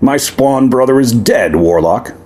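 A man's voice: mid-range voice, expressive, unhurried, darkish tone, voice pushed up. Man voicing a roaring, haughty demon prince. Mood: furious. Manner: sneering, roaring. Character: proud furious male demon prince.

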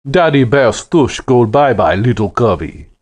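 A booming Russian-accented brute. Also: male voice, expressive, measured pace, a little mellow. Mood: menacing. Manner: falsely sweet, taunting. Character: huge menacing booming man, mocking. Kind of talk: audiobook character voice.

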